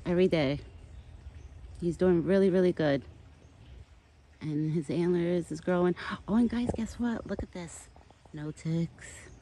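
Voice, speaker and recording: A woman's voice: fairly low pitch, unhurried, long pauses, warm tone. A woman casually chatting while filming her pet deer in the backyard, affectionate and full of "like"s. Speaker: vlogger caring for a pet deer. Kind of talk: casual outdoor vlog chat. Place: outdoors in a backyard.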